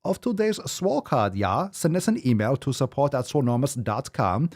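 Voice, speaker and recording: A man's voice: mid-range voice, very animated, normal speed, few pauses, a little mellow. A man hosting a podcast, ranting in a heated, mocking and foul-mouthed way. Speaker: podcast host. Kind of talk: profane fired-up rant.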